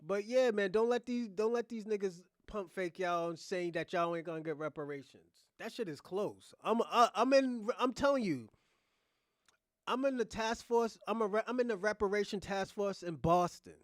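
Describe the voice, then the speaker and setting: A man's voice: high voice, moderate pace, no echo, studio quality. A man hosting a reaction livestream, ranting in a blunt, profane, rambling way. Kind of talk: casual livestream commentary.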